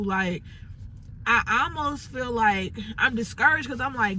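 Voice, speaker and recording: A woman's voice: fairly high pitch, expressive, a little slow, bright, forceful tone, slight background noise, rough recording. A woman from Chicago venting frustrated, rambling thoughts into her phone from inside a parked car, full of "like" fillers. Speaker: entrepreneur vlogger. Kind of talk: unscripted venting monologue.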